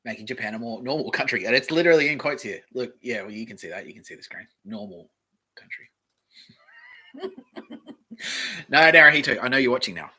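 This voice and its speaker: Speaking very fast with few pauses, a podcast host delivers rambling, joking commentary while reading aloud from a screen at home, often trailing off into mumbles. His medium-pitched voice is animated, pushed and bright, and slightly rough.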